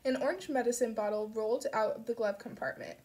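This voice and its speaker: A woman reading an audiobook aloud, narrating a dark story with soft shifts for the characters. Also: on the high side, fast talker. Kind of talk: scripted narration.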